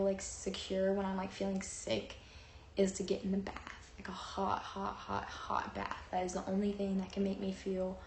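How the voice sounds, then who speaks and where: A young woman sits and tells a personal story to the camera in a loose, rambling way, full of fillers and quoted lines. Her pitch sits in a middle range. The room adds a noticeable echo, with a faint hiss of noise behind her. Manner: rambling, animated, with many fillers and acted-out quotes. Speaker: vlogger. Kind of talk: chatty storytelling.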